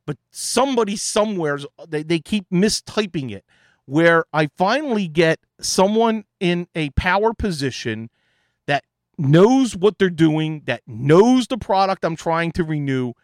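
A man's voice: fairly high pitch, expressive, unhurried, no room sound, clean studio sound. A man, an IT consultant, telling an exasperated story in a casual monologue.

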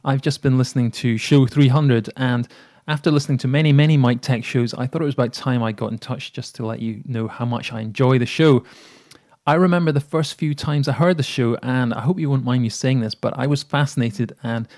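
A man's voice: mid-range voice, steady tone, brisk, a little mellow. A man with a Scottish accent from Edinburgh leaving a fluent, well-spoken recorded message for a podcast. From Edinburgh, Scotland. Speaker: caller, technical writer.

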